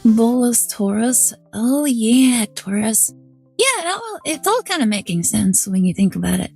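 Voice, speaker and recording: A woman's voice: fairly high pitch, expressive, measured pace, vocal fry, darkish tone, husky, faint music behind. A woman VTuber streaming, casually rambling through an anecdote to her chat.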